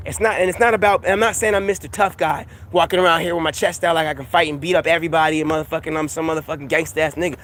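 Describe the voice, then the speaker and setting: A man ranting casually in a vlog, animated and profane, laughing often and repeating himself. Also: a little high, racing, hardly any pauses. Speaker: vlogger. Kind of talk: casual rant to camera.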